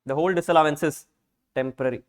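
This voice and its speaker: A man's voice: fairly high pitch, steady tone, fast, low-quality recording. A man with an Indian English accent lecturing on tax law, repeating each point and quizzing the class with rhetorical questions.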